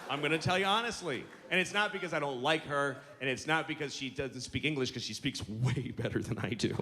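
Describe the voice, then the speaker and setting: A man's voice: medium pitch, fairly quick, noisy background. A male stand-up comedian doing a set on stage, profane, exasperated and mocking. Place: theater stage. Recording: big hall with a loud, laughing crowd.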